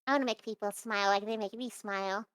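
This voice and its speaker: A woman's voice: medium pitch, steady tone, fast, fairly bright tone, clean tone, no room sound. A young adult woman, a VTuber guest in a casual interview, rambling with lots of fillers and restarts.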